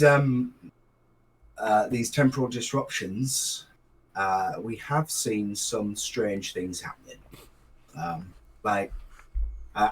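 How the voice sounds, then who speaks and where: A man's voice: fairly low pitch, poor audio. A man running a tabletop role-playing game as game master, talking hesitantly with many fillers and restarts. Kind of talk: narrating a tabletop game and voicing a mage.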